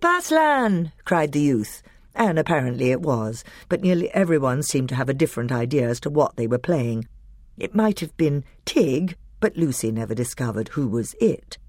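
An expressive audiobook reader tells a children's story with a very animated, wide-ranging delivery. Their pitch sits in the middle. The recording is dry and close, with no room around the voice. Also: dry recording. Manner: expressive, lively storytelling with put-on character shouts. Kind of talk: scripted storybook narration.

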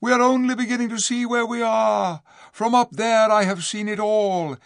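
A man's voice: high voice, fairly even intonation, normal speed, creaky, dry recording, studio quality, pitched above the performer's own voice. A man voicing a great male eagle who cries out proudly to kings and queens in an audiobook reading. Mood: exultant. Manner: crying out in loud triumph. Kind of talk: audiobook character voice.

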